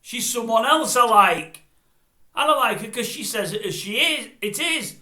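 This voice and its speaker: An older man rants bluntly into the camera in a high, bright voice, grumbling and rambling from one pet hate to the next. The room around him is roomy and echoey. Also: lively intonation, moderate pace. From Britain. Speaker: vlogger. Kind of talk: opinionated monologue to camera. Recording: roomy echo.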